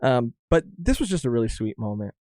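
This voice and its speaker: A man's voice: mid-range voice, sing-song, a little fast, mellow, no room sound, clean studio sound. A man co-hosting a podcast, chatting casually and animatedly about a manga chapter, swearing freely and often restarting his sentences. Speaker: podcast co-host. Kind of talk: casual chat reviewing manga.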